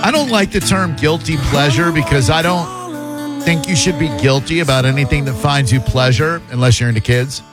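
A man's voice: a little high, normal speed, over loud music. A man hosting talk radio, chatting in a crude, joking, opinionated way. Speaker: radio host.

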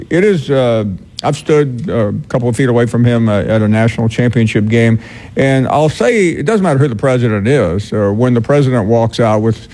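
A man hosting a sports call-in radio show, speaking in a measured way with frequent filler pauses. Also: medium pitch, a little mellow. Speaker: sports talk radio host.

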